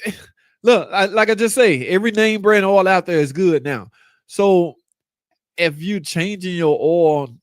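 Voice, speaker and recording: A middle-aged man hosting a live car channel, reading comments out loud in loose, slangy, joking banter. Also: fairly high pitch, no room sound, studio quality.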